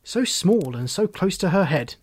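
A man reading the part of an earnest young man returning home, speaking in a lively, emphatic way. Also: high voice, moderate pace, breathy edge, no echo, full character voice.

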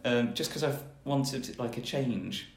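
A man's voice: medium pitch, takes it slowly, creaky. A young man chatting casually, hesitant with lots of fillers. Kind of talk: casual chat. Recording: echoey room.

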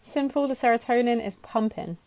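A woman's voice: a little high, a little fast, gravelly, darkish tone, no room sound. Wry woman podcast co-host, dry sound. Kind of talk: casual podcast chat.

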